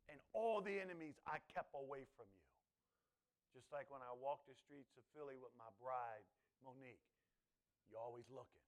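A middle-aged male pastor preaching a sermon in an animated, conversational way, swinging between loud emphasis and hushed asides, with personal stories. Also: mid-range voice, fairly quick.

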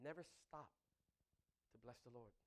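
A man preaching a sermon, animated and laughing between phrases, often asking the congregation "Amen?". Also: medium pitch, a little slow. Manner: breaks into laughter mid-sentence.

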